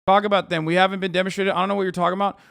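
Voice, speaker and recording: A man livestreaming, ranting angrily and profanely at his chat and often shouting. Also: sits high, little pitch movement, rapid-fire, vocal fry, smooth, dry recording, studio quality.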